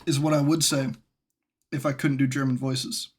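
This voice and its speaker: A woman's voice: a bass voice, flat delivery, moderate pace, darkish tone, breathy edge. A woman casually commenting while streaming a game, playful and laughing, swearing freely.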